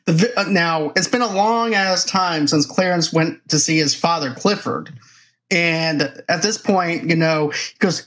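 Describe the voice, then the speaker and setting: A man hosting a casual film podcast, recapping the plot at length in a relaxed way with a few stumbles. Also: a little high, a little slow. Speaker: podcast host.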